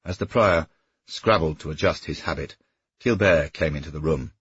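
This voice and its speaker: A man narrating an audiobook in steady storytelling, with a husky voice. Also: a bass voice, moderate pace, no room sound, highs cut off. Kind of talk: scripted narration.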